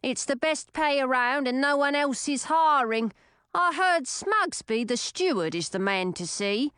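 Brief: a woman playing a whiny, complaining man in a storybook, pitched a little high, smooth clear tone, dry close sound. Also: animated, fairly bright tone, no echo. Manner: complaining, drawn-out. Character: whiny grown man seeking work.

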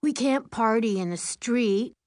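A woman voicing a brash, excitable teenage boy who blurts out his ideas. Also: fairly high pitch, a little slow, no room sound, studio quality, pitched above the performer's own voice, natural voice. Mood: excited. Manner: excitable, loud.

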